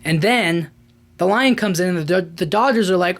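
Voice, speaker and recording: A man's voice: sits high, moderate pace, a bit bright. A man hosting a podcast, recapping a film in a casual, rambling way with lots of fillers and restarts. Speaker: podcast host.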